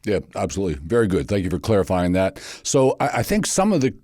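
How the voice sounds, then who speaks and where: Man, very deep voice, mellow tone, podcast host, calm, affirming, dry room. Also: fast talker, dry recording. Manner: calm, affirming, asks questions. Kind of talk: conversational interview.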